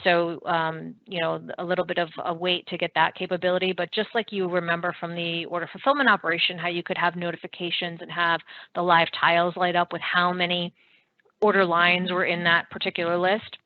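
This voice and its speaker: A woman presenting a software product demo, explaining features step by step in a steady way with some fillers. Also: lowish voice, brisk, no echo, dull audio.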